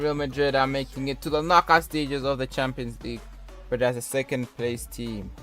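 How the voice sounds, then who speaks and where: A man's voice: mid-range voice, steady tone, normal speed, sharp tone, faint music behind. A young man commentating a football video game, mixing sports-caster calls with rambling jokey asides. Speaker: gaming YouTuber. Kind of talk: casual gameplay commentary.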